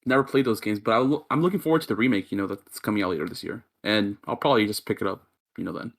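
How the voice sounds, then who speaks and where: A man's voice: lowish voice, very fast. A man appearing as a podcast guest, talking in a laid-back way with frequent "you know" fillers. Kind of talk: casual chat.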